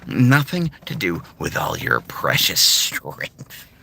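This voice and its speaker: A man playing an unhinged, mocking criminal clown with a gravelly voice. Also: low-pitched, huge pitch swings, takes it slowly, sharp tone, exaggerated voice.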